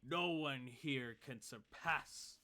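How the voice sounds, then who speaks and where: A man voicing a boastful, bragging male half-orc duelist who laughs loudly at his own prowess. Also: mid-range voice, takes it slowly.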